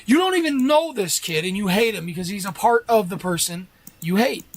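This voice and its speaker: A man's voice: high voice, expressive, a little fast, poor audio. A man ranting on a casual livestream, arguing with rhetorical questions and repeating his points.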